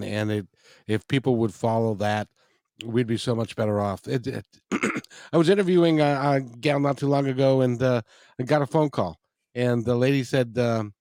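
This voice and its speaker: A male interview host speaks in an encouraging, praising manner toward his guest. His voice sits at an average pitch. The recording sounds dry, with no room echo. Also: a little mellow.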